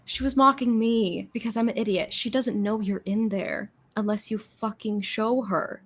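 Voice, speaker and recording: A woman playing a young goth reaper who is cold, aloof and sarcastic, speaking flatly and with exasperation. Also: mid-range voice, normal speed, lightly acted. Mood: exasperated.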